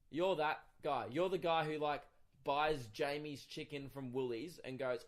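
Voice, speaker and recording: A young Australian man, a comedian hosting his own podcast, telling a story in an animated, swearing rant that acts out both sides. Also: fairly high pitch, measured pace. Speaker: stand-up comedian and podcast host. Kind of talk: casual solo podcast storytelling.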